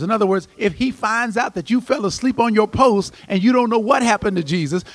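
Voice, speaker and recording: A man pastor preaching an impassioned, emphatic sermon in a church, his voice swelling to shouts. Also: high voice, brisk, few pauses, soft background music. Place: church sanctuary.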